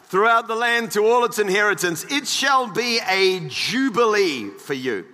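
A man's voice: sits high, expressive, moderate pace, hardly any pauses, sharp tone, in a large hall. A man preaching a sermon as pastor, joking with the congregation and reading scripture aloud.

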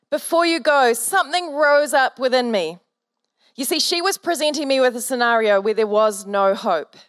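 Woman, pastor, sermon, high voice, dry sound, earnest storytelling, fervent. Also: dry recording.

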